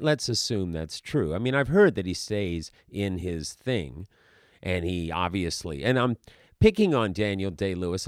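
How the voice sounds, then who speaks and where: Rambling low-voiced actor, lively pitch. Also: male voice, dry recording, clean studio sound. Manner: rambling, full of restarts and asides. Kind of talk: casual monologue.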